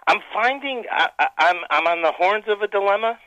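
A man calling in to a show over the phone, speaking haltingly and stammering. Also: high-pitched, expressive, sharp tone, no room sound, highs cut off. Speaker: caller. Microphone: phone call.

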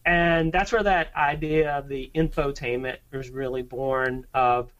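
Man, podcast co-host, rambling casual chat, mid-pitched voice, slightly muffled lo-fi sound. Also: fairly even intonation, measured pace, a bit bright. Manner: easygoing, rambling, restarts often.

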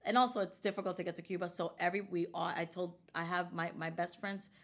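Lower-voiced woman telling a personal story. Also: fast. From United States. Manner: animated, quotes people in her stories. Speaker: guest. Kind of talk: conversational storytelling.

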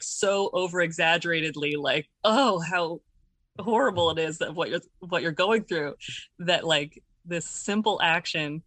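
A woman with a bright, forward tone speaks as an interview guest, working through her ideas aloud. She pauses often, fills gaps with ums and restarts sentences. The sound is close and dry, with no room echo. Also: low voice. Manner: thoughtful, searching for words with many fillers and restarts. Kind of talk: reflective conversational explanation.

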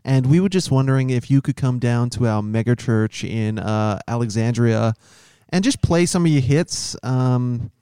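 A man's voice: mid-range voice, moderate pace, hardly any pauses, mellow, clean tone, no room sound, close to an everyday voice. A camp, sugary male church caller with a put-on American accent, as a man plays it for laughs. He sounds over-polite and sweetly exaggerated, recorded close and dry. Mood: syrupy.

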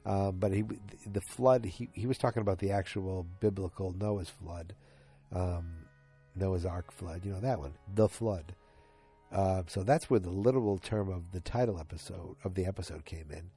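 Brief: a rambling male recapper, mellow and a bit low-pitched. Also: moderate pace, husky, soft background music. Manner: rambling, with many fillers and restarts. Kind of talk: casual episode recap.

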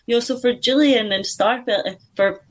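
Woman panellist, casual discussion, measured and reflective. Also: a little high. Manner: thoughtful, hedging with "you know". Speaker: podcast panellist.

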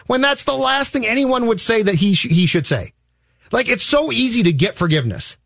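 High, animated man ranting on radio. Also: moderate pace, vocal fry, no echo, studio quality. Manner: exasperated, emphatic ranting. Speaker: sports radio co-host. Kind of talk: sports talk radio banter.

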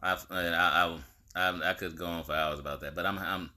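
A man co-hosting a podcast, animated and joking, laughing often in casual chat. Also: low-pitched, moderate pace. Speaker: podcast co-host.

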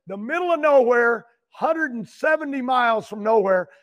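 High-voiced older man telling rambling stories. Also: animated, normal speed, fairly bright tone. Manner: loose, meandering, keeps restarting and clearing his throat. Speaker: guest, racing driver. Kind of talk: rambling storytelling.

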